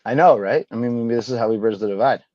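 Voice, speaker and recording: A man's voice: mid-range voice, fast, warm tone, no room sound, highs cut off. A man co-hosting a casual comedy podcast, trading sarcastic commentary and mock impressions. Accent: Massachusetts. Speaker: podcast co-host.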